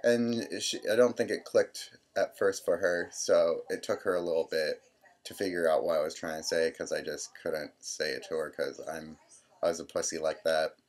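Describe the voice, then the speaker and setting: Young man in his twenties, deep low voice, casual rambling storyteller, lots of quoted dialogue. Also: fairly even intonation, moderate pace. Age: 20s. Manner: rambling, full of "I'm like" quotes. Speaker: vlogger.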